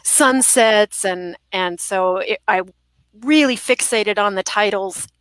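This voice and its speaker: A woman's voice: mid-range voice, takes it slowly, a bit bright, clean tone, no room sound. A woman from Southern California, a guest romance author who chats casually, laughs often and restarts her sentences. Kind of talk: book reading and casual interview chat.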